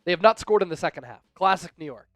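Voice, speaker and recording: A man's voice: high-pitched, animated, fast talker, no room sound, faint music behind. A man hosting a live sports stream, chatting casually, thanking viewers for donations and rattling off scores. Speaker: livestream sports show host.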